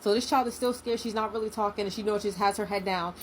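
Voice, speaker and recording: Fast-talking young woman telling a story. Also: medium pitch, slight background noise, low-quality recording. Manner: animated, indignant, acts out quotes. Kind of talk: casual storytime vlog.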